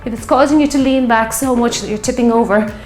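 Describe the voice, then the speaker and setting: A woman's voice: on the high side, fast talker, darkish tone. A woman, leading a fitness class with encouraging, upbeat cues and getting a little out of breath. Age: 50s. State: out of breath at times. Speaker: fitness instructor. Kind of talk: workout class instruction. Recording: echoey room with workout music.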